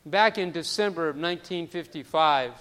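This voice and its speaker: Male pastor, sermon, storytelling, high voice, long hall reverb. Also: moderate pace, smooth. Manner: storytelling, swings from hushed to loud and emphatic.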